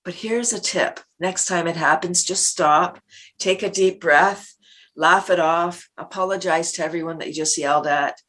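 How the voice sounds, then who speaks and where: At a normal pace, a middle-aged woman with a fairly low, slightly bright voice chats as a podcast guest. She's casual and animated, laughing a lot and playing out small scenes from daily life in this interview talk.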